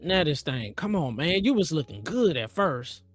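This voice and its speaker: A man hosts a live futures trading stream, talking at a fairly high pitch. He coaxes and pleads with the market in an excitable, chatty way and keeps calling on viewers. The sound is dry and close, with faint music underneath. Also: moderate pace, no echo. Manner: chatty with viewers, asks for likes. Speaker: livestream host and futures trader.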